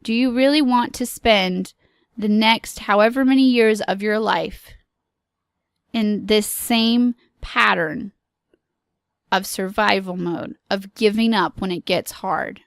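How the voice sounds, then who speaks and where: A woman speaking on a motivational podcast, unhurried and measured, with a gravelly fry in her voice. She talks to the listener earnestly and encouragingly, recorded close on a dry mic. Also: mid-range voice, no echo. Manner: earnest, encouraging, speaks in slow deliberate phrases. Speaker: podcast host.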